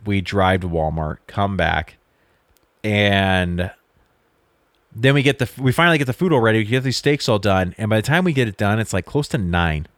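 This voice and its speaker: A man's voice: on the low side, fairly bright tone, no echo, clean studio sound. A young man, a podcast co-host, telling a long story in casual chat, quoting people and swearing freely. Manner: storytelling with swearing and quoted dialogue.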